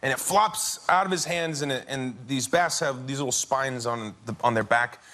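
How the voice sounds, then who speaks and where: In a television studio with an audience, whose crowd and studio noise can be heard, a forties-aged film actor chats casually as a talk show guest. He tells an anecdote with frequent laughter in a bright, forceful, medium-pitched voice at a moderate pace.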